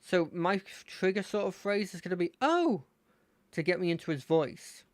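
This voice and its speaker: A gaming streamer giving relaxed, chatty commentary while playing, thinking aloud. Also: medium pitch, brisk, dry recording. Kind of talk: casual let's-play commentary.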